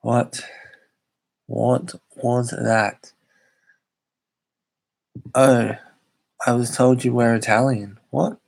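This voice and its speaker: A man's voice: medium pitch, flat delivery, extremely slow, gravelly, long pauses, a little mellow. A young Australian man chatting casually on a live stream, rambling and hesitant with many fillers.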